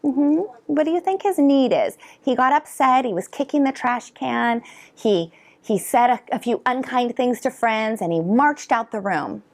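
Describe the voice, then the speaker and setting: A middle-aged woman educator giving a conference talk to parents and teachers, animated and drawing answers from the audience. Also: on the high side, moderate pace. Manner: animated, asks the audience to respond. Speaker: educator presenter. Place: conference hall.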